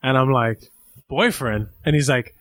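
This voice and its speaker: A man's voice: medium pitch, measured pace, fairly bright tone. A man telling a crude story in casual chat, acting out quotes between laughs.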